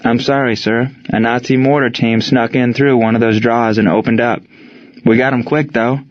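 A man's voice: mid-range voice, fairly even intonation, moderate pace, dry recording, lightly acted. A man voicing a young male soldier giving an apologetic report to his officer, read in an audiobook. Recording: dull audio with faint music.

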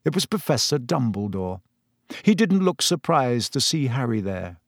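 A man's voice: medium pitch, sing-song, moderate pace, dry recording, clean studio sound. Man narrating a storybook expressively. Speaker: audiobook narrator. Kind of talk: scripted narration.

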